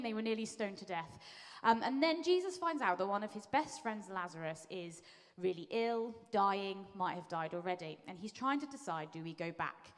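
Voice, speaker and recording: Woman giving a chatty sermon, mid pitch, lots of hall reverb, does little voices for the characters. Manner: lively storytelling, acting out quotes in voices. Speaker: preacher. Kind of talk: conversational sermon. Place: church hall. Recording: long reverb of a large hall.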